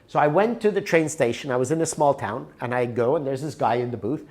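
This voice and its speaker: A man's voice: mid-range voice, fast talker, a little mellow. A man presenting a workshop in a room, talking conversationally and checking in with his listeners. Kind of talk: live workshop talk with an anecdote.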